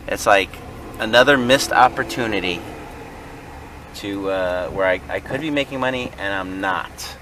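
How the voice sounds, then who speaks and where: A man's voice: on the low side, slow pace, pauses often, background noise. A man vlogging casually from a car, joking, laughing often and mimicking friends in silly voices. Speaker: reseller vlogger. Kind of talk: casual car vlog chat.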